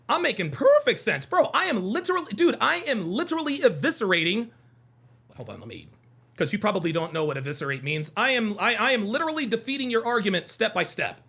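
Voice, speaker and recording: A man's voice: high voice, creaky, bright, forceful tone, slightly rough. A young adult man hosting a call-in livestream, arguing with chat in a combative, mocking way and repeating his points. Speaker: host of a call-in show. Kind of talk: heated livestream commentary, answering chat.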